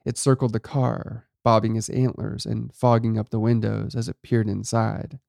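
A man narrating a first-person horror story in a steady, low-key way. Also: moderate pace, vocal fry, no room sound, clean studio sound.

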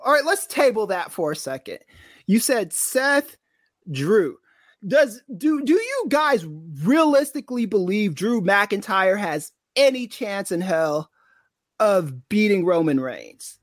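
A man co-hosting a casual wrestling podcast, talking in an animated, opinionated and teasing way. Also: high voice, slow, no room sound, studio quality. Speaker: podcast co-host.

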